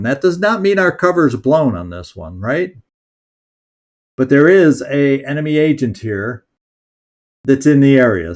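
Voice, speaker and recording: A man's voice: mid-range voice, a little mellow. A man streaming a strategy game, thinking aloud in a hesitant, musing way as he plans each move. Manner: musing, hesitant, talks himself through plans. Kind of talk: thinking-aloud gameplay commentary.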